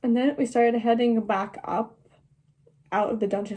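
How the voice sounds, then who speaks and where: In a dark-toned, fairly high voice with steady intonation and normal speed, a seventeen-year-old girl chats through her travel storytime vlog. She laughs often and leans heavily on "like."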